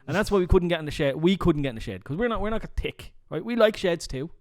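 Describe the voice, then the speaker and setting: A man with a Dublin Irish accent, co-hosting a podcast in casual chat, emphatic and animated, often tagging "right?". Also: high voice, quick pace. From Ireland. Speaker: podcast co-host. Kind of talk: casual chat, telling jokes.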